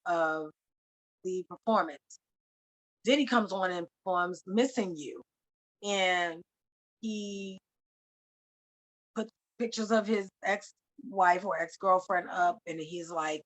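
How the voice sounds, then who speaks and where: A woman hosting a podcast, telling a story in animated, slangy casual chat with some swearing. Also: medium pitch, slow, pauses often. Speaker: podcast host.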